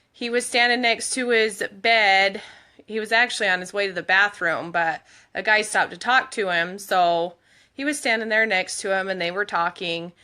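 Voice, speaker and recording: This vlogger's mid-range voice is bright, forceful and smooth. She's a mother of school-age kids chatting casually to followers, catching them up on her husband through a meandering story punctuated by laughs.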